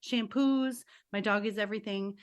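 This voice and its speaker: A woman hosting a podcast and coaching, telling stories with lively acted-out quotes and closing with an upbeat sign-off. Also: mid-range voice, moderate pace. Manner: animated storyteller, acts out quoted voices. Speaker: podcast host and life coach. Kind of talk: casual interview chat.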